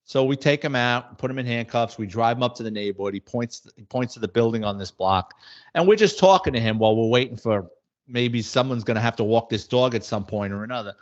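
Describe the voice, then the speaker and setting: A middle-aged former police detective, casually telling wisecracking anecdotes in a blunt way. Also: male voice, mid-range voice, a little fast. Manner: blunt, wisecracking, acts out quoted dialogue. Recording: slightly muffled audio.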